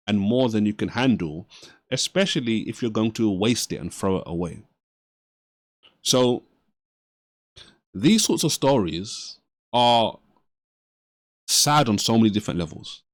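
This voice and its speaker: A man's voice: lowish voice, no echo. A man hosting a reaction video, giving earnest, preacher-like commentary and asking and answering his own questions. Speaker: reaction channel host.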